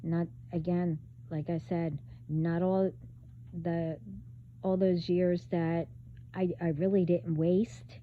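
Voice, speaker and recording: A woman talking bluntly in a casual spiritual vlog, halting, with many fillers and restarts. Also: fairly low pitch, little pitch movement, a little hiss or hum. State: hiccups. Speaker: vlogger. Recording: phone-like band-limited audio.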